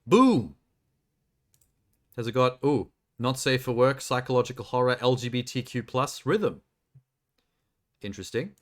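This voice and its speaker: A young man with a medium-pitched voice talks at a normal speed while live-streaming. He browses trailers and chats casually, offering joking, crude, rambling commentary.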